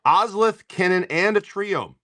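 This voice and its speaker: Tired guy cracking packs live, bright voice that jumps all over, excitable, cusses a lot. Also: sits high, unhurried. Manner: excitable, swears and laughs, talks to viewers by name. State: tired from poor sleep. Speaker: livestream card seller. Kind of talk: casual live-stream chat while opening card packs.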